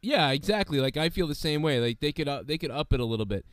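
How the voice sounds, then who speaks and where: A man hosts a casual wrestling chat, rambling with lots of fillers. His voice is worn from being sick, yet its tone stays smooth. He is recorded dry and close. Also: on the high side, expressive, quick pace, dry recording. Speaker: wrestling podcast host.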